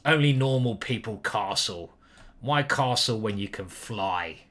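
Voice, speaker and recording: A young British man talks through his own online chess games. He is cheeky and foul-mouthed, trading loud whoops for quiet mutters. His voice is bright and forceful, with pitch that leaps around in animated swings. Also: unhurried. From Britain. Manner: playful, cheeky and profane, with sudden loud whoops and muttered asides. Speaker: chess grandmaster streamer.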